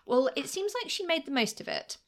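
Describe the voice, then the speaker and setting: A woman's voice: high voice, expressive, fairly quick. A woman co-hosting a podcast, telling history stories in a chatty, casual way, with many "like" fillers and frequent laughs. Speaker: podcast co-host.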